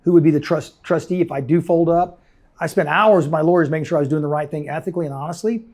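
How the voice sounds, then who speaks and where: A man's voice: a little high, fairly even intonation, fast, darkish tone. A middle-aged man from the United States, an entrepreneur telling his story intensely in an interview and acting out the people he quotes. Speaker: guest entrepreneur.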